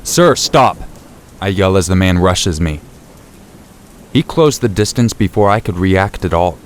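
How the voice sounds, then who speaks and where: A man narrating a true scary story in the first person, in a steady, low-key storytelling voice. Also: normal speed, a little hiss or hum. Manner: steady, low-key storytelling, rising sharply for shouted quotes. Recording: faint rain and thunder behind.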